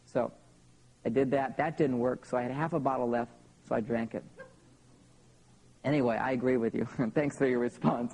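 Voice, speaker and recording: Guy in his 30s doing a live seminar, animated storyteller, keeps asking the crowd okay?. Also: medium pitch, moderate pace, creaky, long pauses, poor audio. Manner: animated personal storytelling, often checking in with "okay?". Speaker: seminar speaker. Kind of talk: live seminar talk to an audience.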